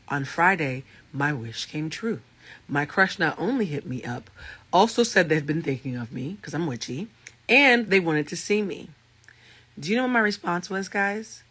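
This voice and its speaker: A man with a thick, raspy voice speaks with a bright, cutting edge, pitched a little on the high side. He is a life coach and tarot reader talking casually to his livestream audience. He tells his stories with animation and swears freely. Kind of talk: casual livestream talk to viewers.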